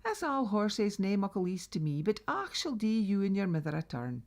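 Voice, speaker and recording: A woman's voice: medium pitch, very animated, fairly quick, darkish tone. A woman with a Northeast Scots accent voicing a hearty, generous middle-aged farmer.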